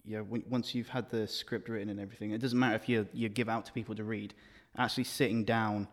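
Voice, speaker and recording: A man with a low voice talks fast and matter-of-factly as he points out a script's flaws. His voice carries a long hall reverb. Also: level tone. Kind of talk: casual chat.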